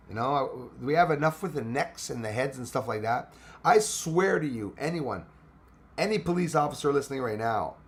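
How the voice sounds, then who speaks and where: Hosting a casual livestream on a space channel, a man with a Quebec French accent and a medium-pitched voice chats with his viewers. He mixes English and French and swears freely.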